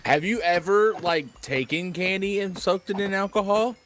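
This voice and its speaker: A man's voice: high voice, moderate pace, a bit bright, slight background noise. A man on a call with a streamer, chatting casually during a game, blunt and swearing. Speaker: co-player on call. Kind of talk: casual gaming stream chat.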